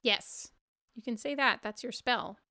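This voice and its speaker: A woman's voice: on the high side, unhurried, sharp tone. A woman hosting a tabletop role-play podcast as game master, chatty and laughing often as she narrates the scene.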